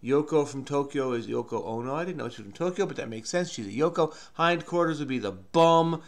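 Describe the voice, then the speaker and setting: A man hosting his own channel, thinking aloud as he solves a crossword in a calm, musing way that often trails off unsure. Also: fairly high pitch, fairly quick. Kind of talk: thinking aloud while solving a puzzle.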